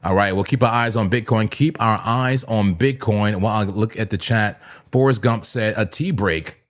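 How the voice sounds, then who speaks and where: A man hosting a live crypto trading stream, talking casually and excitably, with a voice hoarse and cracking from long streams. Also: lowish voice, normal speed. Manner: excitable, laughs often, sudden shouts. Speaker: crypto trading livestream host.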